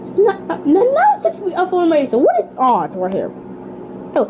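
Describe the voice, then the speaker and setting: A woman hosting a homemade cartoon contest, excitable and dramatic, with sudden outbursts. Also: extremely high pitch, moderate pace, slight background noise, low-quality recording.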